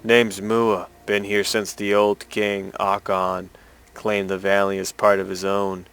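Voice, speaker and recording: A man reading out the lines of a grumpy, stubborn old village man in a game, in a gruff way. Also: fairly low pitch, monotone, slow pace, a bit bright, full character voice. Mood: grumbling.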